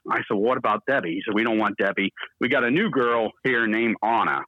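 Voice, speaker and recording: A man's voice: on the low side, a little fast, no room sound, narrow, tinny audio. A man in his fifties, a radio DJ, telling long, salty anecdotes in an interview. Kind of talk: storytelling interview.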